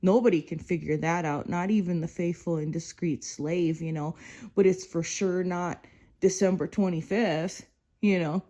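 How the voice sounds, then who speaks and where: A woman's voice: lowish voice, fairly even intonation, moderate pace, mellow. A woman in her fifties talking in a casual, rambling monologue, exasperated and full of "you know" asides. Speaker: vlogger.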